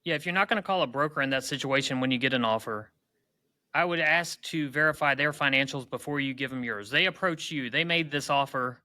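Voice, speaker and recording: A man co-hosts a business podcast, giving blunt, practical advice as a broker. His voice is bright and a bit higher than most, and he talks at a brisk pace. The sound is dry and close to the mic. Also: dry recording. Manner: frank, direct advice. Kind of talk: casual podcast chat.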